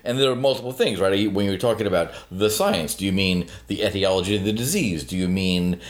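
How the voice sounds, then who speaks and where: A man's voice: deep voice, brisk. A man on a talk podcast, giving sardonic, opinionated commentary with many fillers and digressions. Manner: sardonic, mocks a phrase in a sing-song voice; hesitant fillers, long digressions.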